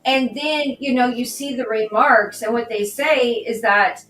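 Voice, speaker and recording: A woman, a political candidate on a podcast, talking through a personal story in an animated way and acting out the dialogue. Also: a little high, measured pace, hardly any pauses. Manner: animated, re-enacts dialogue in her stories. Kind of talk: conversational storytelling. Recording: echoey room, distant mic, faint music.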